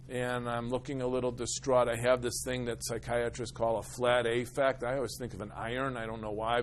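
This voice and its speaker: A man's voice: medium pitch, slight background noise. Man giving a humorous talk. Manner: storytelling, acts out both sides of a scene. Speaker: disability attorney speaking to a group. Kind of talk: humorous presentation to a live audience.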